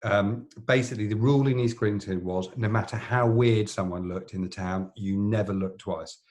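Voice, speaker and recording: A man's voice: fairly low pitch, steady tone, normal speed, a little mellow. A middle-aged man, a plastic surgeon co-hosting a podcast, telling long anecdotes in casual chat with lots of fillers and restarts.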